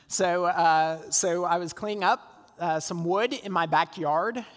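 A man's voice: high-pitched, takes it slowly. Man preaching in a reverberant sanctuary. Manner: conversational storytelling with laughs and restarts. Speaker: pastor. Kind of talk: sermon. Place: church sanctuary. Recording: long hall reverb.

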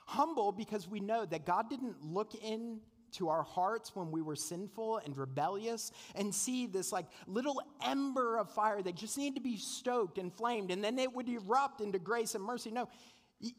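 A man delivers a sermon in a high voice full of expressive rises and falls. He sounds earnest and conversational, often putting rhetorical questions to his listeners. His words carry a long reverb from a large church sanctuary. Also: moderate pace. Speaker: pastor.

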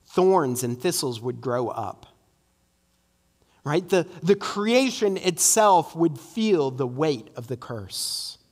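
A man's voice: on the high side, animated, takes it slowly, a little mellow, big-room sound. A man preaching an earnest, emphatic sermon in a church, often tossing in "right?" asides. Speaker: pastor. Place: church sanctuary.

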